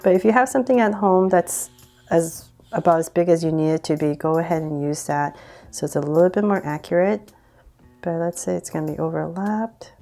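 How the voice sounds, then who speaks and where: A woman's voice: fairly low pitch, fairly quick, mellow, faint music behind. A woman hosting a casual drawing tutorial, chatty and giggly, often saying um and poking fun at herself. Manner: chatty, giggly, self-deprecating, many ums.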